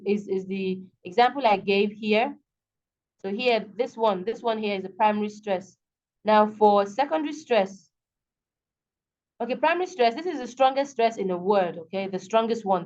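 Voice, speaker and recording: A woman's voice: mid-range voice, darkish tone, highs cut off. Nigerian woman teaching over video call. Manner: explains patiently, checks understanding with questions. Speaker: English teacher. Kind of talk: online tutorial lesson.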